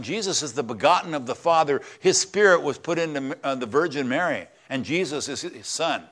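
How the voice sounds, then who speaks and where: A man preaching a conversational sermon in a church, swinging between loud, stressed words and quiet asides. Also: medium pitch, animated, quick pace. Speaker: pastor.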